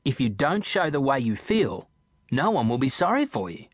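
A man narrating a children's audiobook in a playful, expressive storytelling manner. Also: mid-range voice, moderate pace, dry recording.

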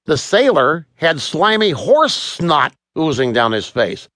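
A man narrating a children's audiobook in an animated, expressive storytelling manner, recorded close to a studio mic. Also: a little high, slow pace, no room sound.

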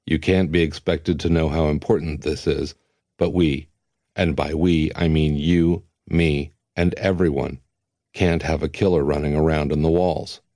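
A flat, commanding voice from an unseen official, voiced by a male narrator, clipped and a little irritated. The pitch sits very low and the tone is dark and mellow. The recording is dry and close. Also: measured pace, no echo.

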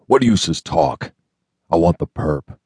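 Guy reading a gruff brooding fed agent, low voice, dry close sound, clipped lines. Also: lively intonation, a little slow, a little mellow, no room sound, full character voice. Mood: grim. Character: grim brooding male federal agent. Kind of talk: audiobook character reading.

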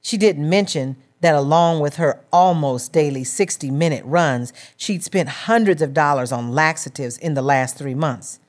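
A woman reading a novel as an audiobook narrator in a measured storytelling manner. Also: sits low, darkish tone.

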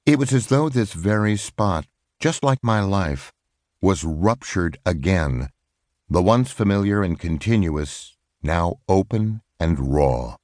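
A man with a very low voice narrates an audiobook, and his pitch rises and falls expressively. His reading is measured and reflective, recorded close and dry in a studio. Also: animated, a little mellow, no echo. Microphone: close studio microphone.

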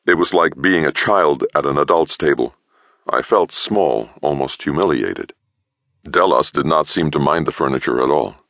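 A man narrating an audiobook in the first person, measured and expressive. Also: rumbling low, vocal fry, no echo, studio quality.

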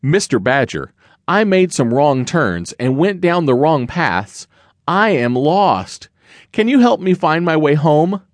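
A lost little bear cub, earnest and plaintive, his voice lifted well above a grown man's, as a male narrator puts him on. He swings through a lively, bouncy range of pitch. The read is dry and close, with no room around it. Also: slow pace, no room sound. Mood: pleading. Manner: earnest, plaintive and breathy with effort. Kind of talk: children's audiobook character voice.

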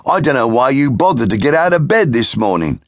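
A man voicing a boastful, bullying big brother rabbit in a children's audiobook, loud and scornful. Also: medium pitch, big pitch swings, brisk, no room sound, studio quality, pitched above the performer's own voice, lightly acted. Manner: scornful, shouting, bossy. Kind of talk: audiobook character voice.

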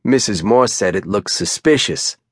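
A man doing a huge rough backwoodsman with a thick Down East Maine accent, talking plainly and humbly in an audiobook. The voice sits a bit higher than the narration, close and dry. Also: animated, moderate pace, dry recording. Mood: confiding.

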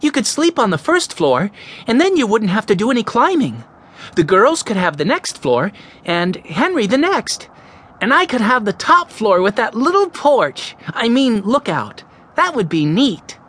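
A male audiobook narrator voicing an eager, always-hungry little boy, lively and excited. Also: sits high, measured pace, voice pushed up, heavily acted. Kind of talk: audiobook character voice.

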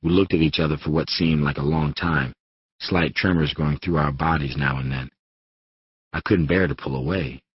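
A man narrating an audiobook in an unhurried first-person voice. His voice is extremely deep with a husky grain, recorded dry and close with a somewhat dull, muffled top end. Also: dry recording. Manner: steady first-person storytelling. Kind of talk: scripted narration.

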